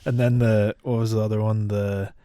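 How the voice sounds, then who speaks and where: A man's voice: on the low side, flat delivery, moderate pace, mellow, no room sound, studio quality. A young man chatting casually as a podcast guest, blunt and swearing freely. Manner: blunt, swears, chuckles along. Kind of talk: casual chat.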